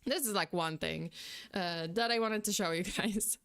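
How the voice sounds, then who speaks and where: A woman's voice: medium pitch, normal speed, a bit bright, clean tone. A young adult woman streaming in casual chat, rambling and exasperated, who swears and breaks into outbursts of disbelief.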